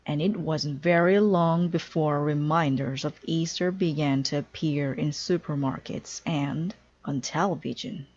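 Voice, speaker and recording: Woman reading a kids book aloud, low voice, kinda muffled recording. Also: darkish tone. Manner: clear, deliberate storytelling. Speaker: storybook reader. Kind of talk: children's read-aloud narration.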